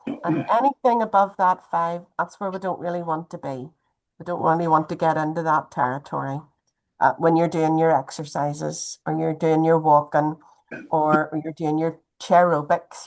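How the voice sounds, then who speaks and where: A woman giving a gentle, chatty health talk over a video call. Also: on the low side. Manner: gentle, chatty, uses wee often.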